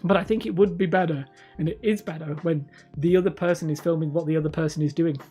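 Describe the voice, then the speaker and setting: Chatting casually with viewers and reading the chat, this livestream host rambles, corrects herself and laughs a lot. She's a woman with a slight lisp and a low, dark, slightly rough voice, speaking fast in a steady tone over faint background music.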